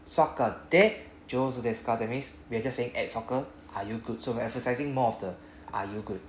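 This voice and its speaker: A man's voice: mid-range voice, a little hiss or hum. Singaporean man, Japanese teacher, patient step-by-step drilling, echoey room. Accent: Singaporean English. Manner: patient, explains step by step, drills phrases slowly. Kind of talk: classroom teaching. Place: classroom.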